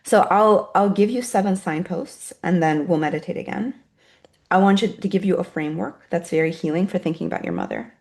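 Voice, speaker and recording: A woman guides a meditation in a soft, unhurried voice, then turns to teaching an online group. Her voice sits fairly low and has a gravelly edge. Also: expressive. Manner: soft, slow and soothing while guiding, then brisker reading out chat replies. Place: online video session.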